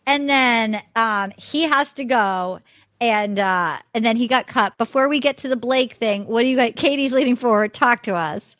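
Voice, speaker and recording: A woman hosting a podcast, recapping a dating show in casual chat with animated storytelling and frequent laughs. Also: fairly high pitch, moderate pace, no room sound. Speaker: podcast host.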